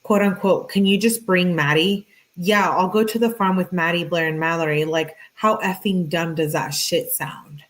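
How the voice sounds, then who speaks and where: A woman's voice: on the low side, fairly even intonation, moderate pace, hardly any pauses, low-quality recording. A woman hosting a true-crime commentary, reading text messages aloud with blunt, conversational, exasperated asides.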